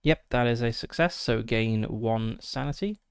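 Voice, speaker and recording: A man plays a solo tabletop game on stream, reading the book's passages aloud and talking himself through the dice rolls with plenty of ums. His voice sits at an ordinary middle pitch, and the sound is dry and close, with no room echo. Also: a little slow, clear, resonant tone. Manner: reads gamebook text, mutters over dice rolls with fillers.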